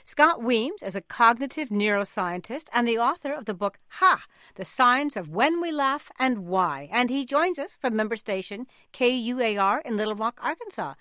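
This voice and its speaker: A woman with a fairly high voice hosts a public radio interview. She asks questions in a measured, conversational way, and her voice sounds close and dry with no room around it. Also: lively intonation, bright, forceful tone, dry recording.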